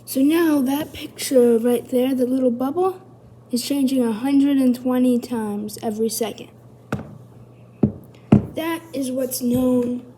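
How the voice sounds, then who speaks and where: A woman's voice: a little high, dark tone, slight background noise. A woman hosting a casual tech explainer video, rambling and correcting herself as she goes. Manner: rambling, self-correcting, chatty. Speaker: video host.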